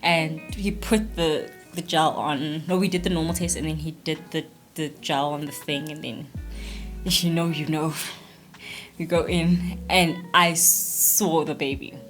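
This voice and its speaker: Young woman with a slightly low voice, chatting on a vlog. She tells the story in an animated way, full of "like" and acted-out quotes. Faint music plays behind her. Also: unhurried. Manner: animated storytelling, many fillers, acts out quotes. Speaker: vlogger, expectant mother. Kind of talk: casual chat.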